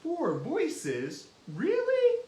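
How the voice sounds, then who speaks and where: A man's voice: extremely high pitch, wildly swooping pitch, extremely slow, mellow, roomy sound, pitched above the performer's own voice, full character voice, rough recording. A man voicing an eager, curious young male hand puppet who talks hesitantly and asks questions, with a children's show feel. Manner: hesitant, questioning, easily impressed.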